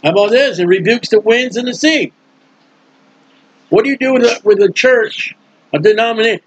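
A male preacher with an unusually high, husky voice delivers a colloquial sermon. He acts out scenes as he goes, shifting into quick character voices before returning to his plain preaching tone. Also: highs cut off.

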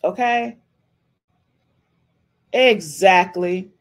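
A woman hosts a casual livestream podcast and reacts to clips as she talks. She speaks emphatically and chats freely, pressing points with a quick "okay?". Her voice sits at an ordinary middle pitch. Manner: emphatic and chatty, keeps adding "okay?". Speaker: podcast host.

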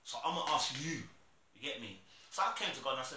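A young man shares a casual religious testimony, acting out his younger self as he goes. His voice is very bright and forward. He records in a bare, echoey room with a faint hum of background noise. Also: medium pitch, quick pace. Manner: animated storytelling, acting out his past self. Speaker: Christian vlogger. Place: room at home.

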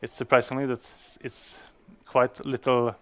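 A man's voice: mid-range voice, flat delivery, unhurried, a bit bright. A man giving a conference talk to developers, speaking English as a non-native speaker, with frequent fillers and restarts. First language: Swedish. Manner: hesitant, many fillers and restarts.

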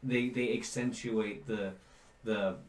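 Game master, man, unhurried and rambling, low voice, roomy recording. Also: steady tone, slight background noise. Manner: rambling, many fillers, searching for words. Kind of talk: narrating a tabletop game. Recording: roomy echo.

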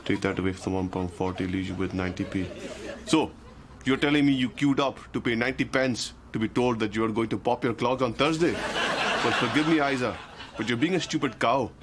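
A dry, teasing shopkeeper, played by a man. He speaks at a middle pitch and mocks with deadpan sums. The TV soundtrack carries clear background noise. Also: brisk, crowd noise, lightly acted. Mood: sarcastic. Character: sardonic quick-witted male corner-shop owner.

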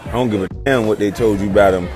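A man's voice: lowish voice, fairly even intonation, fast, music in the background, a crowd in the background. A man in his thirties, a former pro athlete, chatting casually in a playful way, full of slang, repeating himself and laughing as he talks. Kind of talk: casual chat.

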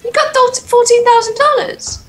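A woman's voice: extremely high pitch, steady tone, moderate pace, soft background music. A woman from England with an English accent, co-hosting a casual let's-play in a dry, teasing, sarcastic way. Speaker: co-host.

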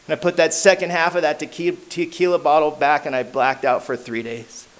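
At an AA meeting, a man with a Southern Californian accent tells his recovery story at normal speed with few pauses, speaking street slang full of "man" and "you know what I mean." He acts out the voices of people in the story with big jumps in pitch and loudness.

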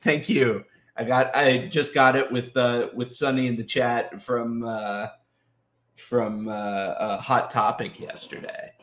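A man hosting a live autograph signing, chatting casually and greeting viewers by name, slightly sick so his voice sits a little deeper than usual. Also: flat delivery, slow, fairly bright tone. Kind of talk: casual livestream chat.

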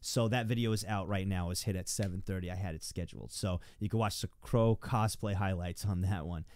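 A man's voice: sits low, brisk, darkish tone. A young man streaming from home, rambling and stammering as he thanks his viewers. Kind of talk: live stream chat.

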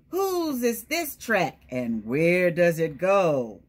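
A woman reads a storybook aloud to preschoolers in a slow, sing-song voice that swoops up and down. Her tone is a little low and breathy. She keeps stopping to quiz the little ones by name. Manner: animated, questioning the children and calling on them by name. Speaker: children's storytime presenter. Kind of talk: reading a picture book aloud to young children.

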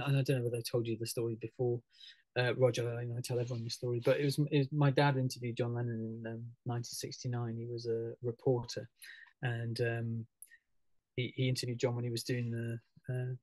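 Halting, chatty male musician. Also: medium pitch, level tone, a little mellow, dry recording, poor audio. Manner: halting, many fillers and restarts, laughs often. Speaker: musician guest. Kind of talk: casual radio interview over a video call.

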